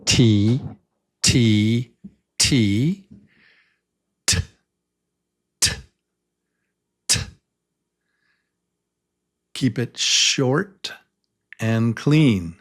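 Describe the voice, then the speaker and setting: A man's voice: medium pitch, extremely slow, long pauses. A man teaching a beginner English pronunciation lesson, patiently repeating each letter sound and inviting the listener to try.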